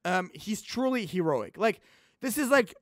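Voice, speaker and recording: High-voiced rambling young man. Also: very animated, a little slow, no room sound, studio quality. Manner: rambling, stumbling over words with many fillers. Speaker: podcast host. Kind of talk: casual chat.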